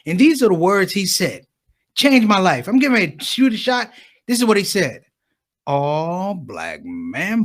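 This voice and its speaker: A man doing stand-up comedy, talking straight to the crowd and acting out the people in his stories. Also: high voice. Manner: animated, acts out others' voices, talks to the crowd.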